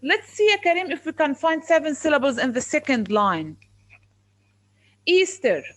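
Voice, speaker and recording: A woman's voice: high voice, big pitch swings, brisk, low-quality recording. A woman teaching an online English lesson over a video call, asking questions over and over in a firm way.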